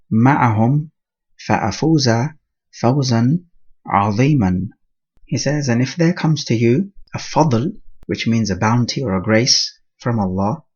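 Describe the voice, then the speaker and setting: Man explaining quran verses slowly word by word, kinda husky, muffled lo-fi sound. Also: mid-range voice. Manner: recites Arabic verses then explains word by word. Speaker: Quran teacher. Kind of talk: verse-by-verse Quran lesson with recitation.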